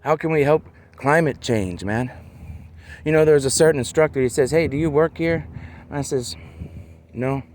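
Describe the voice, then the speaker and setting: A man talking in a loose, rambling monologue, peppering his talk with "man" and "you know" and slowing down to stress words. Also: a little high, darkish tone, slight background noise.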